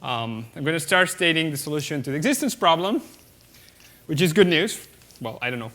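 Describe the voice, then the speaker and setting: A man's voice: a little high, very animated, brisk, fairly bright tone. A man giving a mathematics lecture at a conference, explaining step by step with many fillers and often checking the audience with "okay?".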